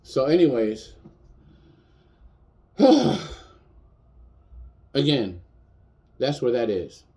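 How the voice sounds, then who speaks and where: A man's voice: mid-range voice, lively intonation, very slow, pauses often, dark tone. A man in his fifties, a chef, speaking bluntly and defiantly in a personal video rant, repeating his points for emphasis. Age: 50s.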